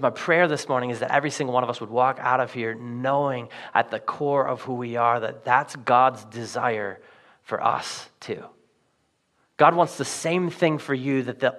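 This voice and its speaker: A man's voice: mid-range voice, fairly bright tone. A man preaching a sermon to his congregation, in a conversational, earnest way with casual fillers. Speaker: pastor.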